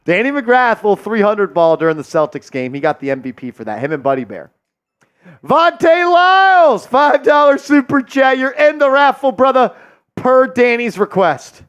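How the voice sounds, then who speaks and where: A man hosting a live sports watch-party stream, hyped and loud as he shouts out viewers' donations and calls the game. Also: very high-pitched, big pitch swings, normal speed, clear, resonant tone, muffled recording.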